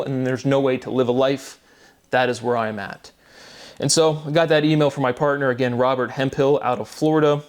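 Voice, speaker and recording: Vlogger, male, mid-pitched voice; long agitated rambling monologue, repetitive, profane. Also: a little fast. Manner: swears often. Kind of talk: solo monologue to camera.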